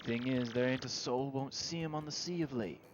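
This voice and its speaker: Man doing a gruff old-salt deckhand. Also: medium pitch, moderate pace, dull audio, noisy background, close to an everyday voice. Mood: earnest. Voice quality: rough, working-class sailor talk. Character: gruff male deckhand sailor, blunt.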